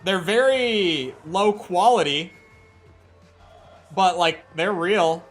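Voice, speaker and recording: Guy streaming a game, chatty, swears a bit, kinda high voice. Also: slow pace. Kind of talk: casual gameplay commentary. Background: game music.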